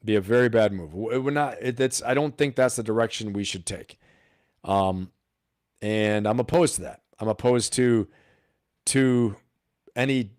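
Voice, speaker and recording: A man hosting a casual live stream, talking straight to his viewers, animated and full of rhetorical questions. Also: fairly low pitch, dry recording, clean studio sound.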